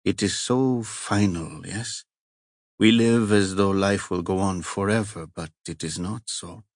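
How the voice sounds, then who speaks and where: A man's voice: deep voice, no echo, clean studio sound. A man doing a solemn Italian monk. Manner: slow, solemn and measured. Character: tall, solemn, persuasive Italian monk, a man at ease with power.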